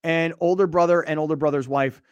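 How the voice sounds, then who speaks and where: Animated high-voiced male podcast host. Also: a little fast, smooth, dry recording. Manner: animated storytelling, mimics voices. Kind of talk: casual chat. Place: studio.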